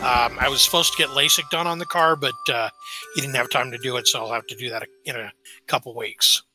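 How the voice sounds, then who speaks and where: A man's voice: medium pitch, steady tone, a little fast, over music. A man co-hosting a casual podcast, joking around and telling rambling stories. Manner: jokey, tells rambling anecdotes. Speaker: podcast co-host. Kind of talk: casual chat.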